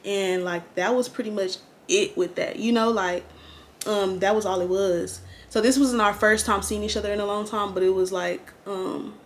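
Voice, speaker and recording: A young woman chatting slangily through a get-ready-with-me storytime, animated and candid. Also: medium pitch, moderate pace, a little hiss or hum. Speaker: vlogger.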